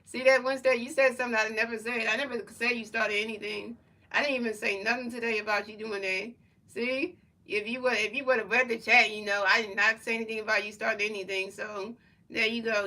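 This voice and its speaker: Rambling streamer woman, flat bright voice. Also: medium pitch, brisk, vocal fry, distant mic, low-quality recording. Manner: rambling, repeats herself, talks back to chat. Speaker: livestreamer. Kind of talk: casual chat to stream chat.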